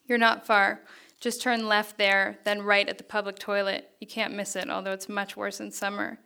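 A woman reading aloud the lines of a quiet, friendly young male photographer from her fiction. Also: medium pitch, level tone, normal speed, creaky, clean tone. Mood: quietly friendly.

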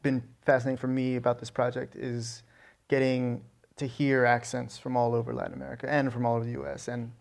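A man's voice: medium pitch, brisk, creaky. A middle-aged man from Alabama, a novelist answering interview questions with lots of restarts and "you know"s. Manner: animated storyteller with frequent restarts and "you know". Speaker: guest, novelist.

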